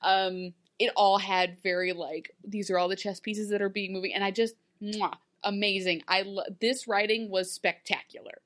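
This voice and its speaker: Woman, mid pitch, enthusiastic and chatty, filler-heavy show talk. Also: fairly even intonation, moderate pace, few pauses, a bit bright. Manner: gushing, filler-heavy, slips into silly acted voices. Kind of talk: casual TV recap chat.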